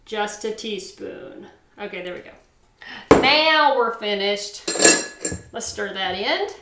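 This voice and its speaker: A woman's voice: mid-range voice, lively intonation, takes it slowly, reverberant, heavy background noise. A woman hosting a casual cooking vlog, gushing and sing-song as she talks to viewers from her home kitchen. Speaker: cooking show host.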